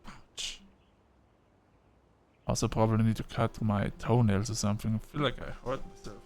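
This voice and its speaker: A man's voice: fairly low pitch, fairly even intonation, normal speed, darkish tone. A man giving casual let's-play commentary, chatting and reading game dialogue aloud. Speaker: gaming video creator.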